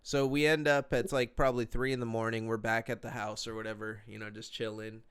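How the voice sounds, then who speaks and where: A man's voice: mid-range voice, flat delivery, a little fast, very noisy. A young man casually telling a story on a podcast, laid-back and profane, full of slang and fillers.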